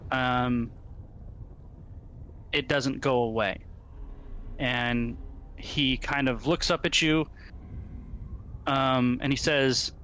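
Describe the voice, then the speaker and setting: A man narrating a tabletop game as game master, relaxed and hesitant with frequent fillers. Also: mid-range voice, slight background noise.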